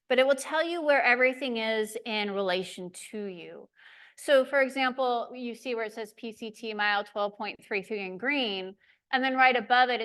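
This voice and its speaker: A woman giving a community presentation, telling a lively, self-deprecating hiking story. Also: medium pitch, clean tone. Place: lecture room.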